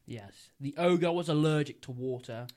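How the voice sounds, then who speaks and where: A man's voice: a little high, normal speed, darkish tone. A young man, co-hosting a podcast, rambling and giggling as he makes up a silly story. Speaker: podcast co-host. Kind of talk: casual podcast chat, improvised storytelling.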